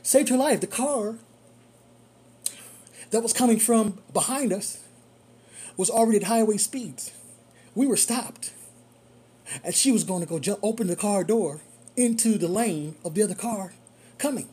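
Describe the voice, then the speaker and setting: A rideshare driver telling a story in casual monologue, animated and repeating phrases for emphasis. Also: medium pitch, unhurried, long pauses, slightly rough.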